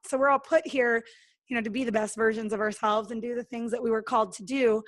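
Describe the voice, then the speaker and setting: A woman's voice: on the high side, steady tone, fast. A woman talking as a podcast guest in a casual, earnest and motivational way, acting out her own thoughts and what others said. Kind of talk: casual interview talk.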